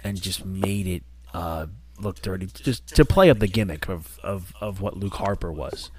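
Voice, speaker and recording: A man co-hosting a casual podcast chat, talking in an animated, rambling way with many restarts. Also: sits low, normal speed, a crowd in the background. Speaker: podcast co-host.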